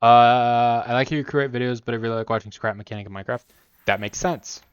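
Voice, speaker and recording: A man's voice: mid-range voice, little pitch movement, quick pace, smooth, dry recording. A man streaming a game, rambling in a joking way, answering chat and scolding the monster on screen. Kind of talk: casual live-stream chat while playing.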